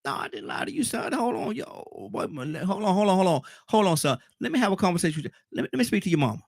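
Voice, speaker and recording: A man's voice: high voice, very animated, very fast, no echo, studio quality, exaggerated voice. A radio host voicing a father who is caught off guard and keeps stalling with "hold on" in a defensive, flustered way.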